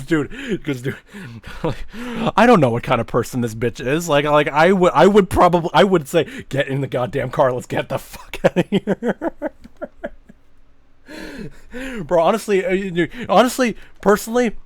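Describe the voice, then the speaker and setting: Casting: young male streamer, somewhat high voice, loose rambling chatter full of swearing, dry close mic. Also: no room sound. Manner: rambling, swears a lot, says "bro" often. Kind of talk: casual reaction commentary.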